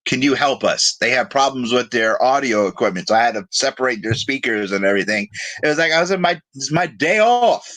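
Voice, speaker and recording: A man's voice: medium pitch, animated, a little fast, a bit bright. Rambling man telling a story on a live show. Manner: rambling storyteller, reads viewer comments aloud. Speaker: co-host of a live web show. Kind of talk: casual live-stream chat.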